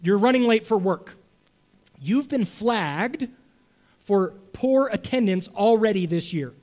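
A high-voiced man preaching a sermon. He talks conversationally and keeps checking in with his listeners. He swings between loud, emphatic stretches and quiet asides. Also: lively intonation, slow. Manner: conversational, checks in with "okay?" and "right?". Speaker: pastor.

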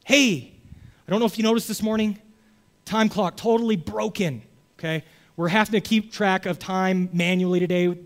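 A man voicing a boss at work who speaks in a quick, matter-of-fact way. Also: sits high. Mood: offhand. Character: offhand male boss at work.

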